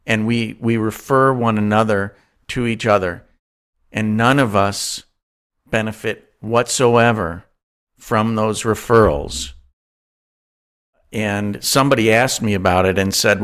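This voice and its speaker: A man's voice: lowish voice, a little slow, fairly bright tone. A man co-hosting a casual business podcast, talking in a reflective, conversational way. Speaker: podcast co-host.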